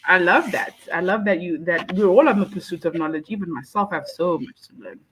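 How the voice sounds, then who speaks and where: A South African woman whose first language is Zulu, chatting warmly on a video call, lively and laughing often as she explains things. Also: fairly low pitch, a little fast, a little hiss or hum, low-quality recording. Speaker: guest. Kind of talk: casual live chat.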